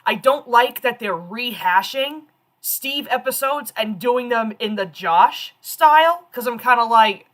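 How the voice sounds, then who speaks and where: A woman in her thirties hosting a casual stream, telling stories in an animated, chatty way. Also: a little high, a little slow. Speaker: streamer host.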